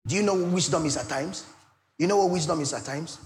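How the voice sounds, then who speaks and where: A middle-aged Nigerian pastor preaching with a slightly high voice. He moves from loud, emphatic declarations to soft, coaxing asides and questions to the congregation. A faint hiss sits under the recording. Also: fast talker. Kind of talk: sermon.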